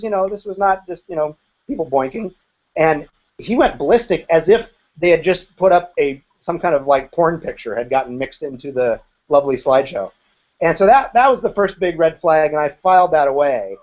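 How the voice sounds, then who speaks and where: A man's voice: fairly high pitch, a little mellow, muffled recording. A man in his fifties, a guest in an interview, telling his story in a frank and occasionally profane way. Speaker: interview guest, former group member.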